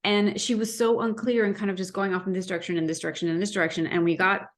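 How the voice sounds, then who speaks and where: A woman in her thirties giving candid business coaching advice to camera, animated and asking rhetorical questions. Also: medium pitch, quick pace.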